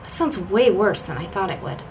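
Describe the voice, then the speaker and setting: A woman's voice: medium pitch, lively intonation, moderate pace, darkish tone, slight background noise, lightly acted. An actress voicing a sarcastic teenage girl ghost who makes dry, teasing asides.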